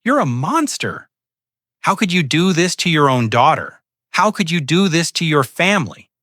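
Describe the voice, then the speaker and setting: A man's voice: a little high, sing-song, moderate pace, a bit bright, no echo, clean studio sound, pitched above the performer's own voice. A man voicing a panicked, entitled grown daughter who shrieks and pleads.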